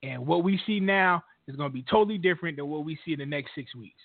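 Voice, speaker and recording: A man with a slightly raised pitch gives his views on a sports talk show in a matter-of-fact, opinionated way. His voice comes through a narrow, phone-like line with no room sound. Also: lively intonation, fast talker, vocal fry, dry recording. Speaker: co-host. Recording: dry, phone-like audio.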